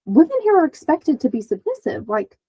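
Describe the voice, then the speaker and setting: A woman therapist, chatting as a guest and telling stories in a lively way, with lots of "like". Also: high voice, fairly quick, poor audio. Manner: animated storytelling, many "like" fillers, acts out quotes. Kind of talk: casual podcast conversation.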